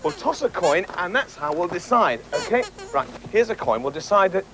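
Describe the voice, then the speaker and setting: A man hosts a children's comedy, coaxing and chatting to his puppet pals. His pitch rises and falls in a lively way. A noisy background sits behind him. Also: normal speed. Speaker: host and puppeteer.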